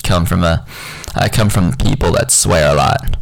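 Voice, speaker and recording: A man's voice: sits low, moderate pace, creaky, no echo, poor audio. A young man talking in a rambling, profane, unfiltered casual monologue.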